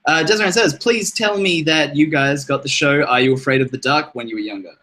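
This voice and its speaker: A man's voice: a little high, a little fast, pushed and bright, poor audio. A young man co-hosting a casual chat show, laid-back, laughing often and swearing freely. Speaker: podcast co-host.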